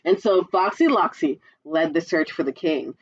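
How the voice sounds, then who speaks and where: A woman's voice: low voice, lively intonation, moderate pace, breathy edge, lo-fi sound. A woman librarian reading a picture book aloud at storytime, playful and full of sound effects. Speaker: children's librarian.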